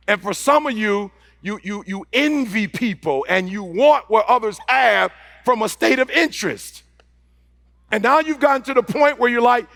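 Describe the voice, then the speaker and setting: High-voiced gravelly man preaching fast. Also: lively intonation, no echo. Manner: impassioned, repetitive, builds to shouting; fast-talking, rushing phrases. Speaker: motivational speaker. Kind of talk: live motivational speech to an audience.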